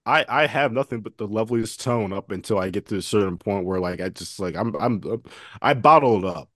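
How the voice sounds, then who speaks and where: Very deep, halting man, dry sound. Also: animated, fairly bright tone, dry recording. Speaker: podcast co-host. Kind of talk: casual chat.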